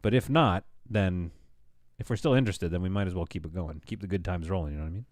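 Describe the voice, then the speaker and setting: A man's voice: sits low, fast talker, a little mellow, dry recording, clean studio sound. Tired, joking man streaming at night. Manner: joking, rambling, talks to chat. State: tired from staying up all night. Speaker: live streamer. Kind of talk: casual live-stream chat.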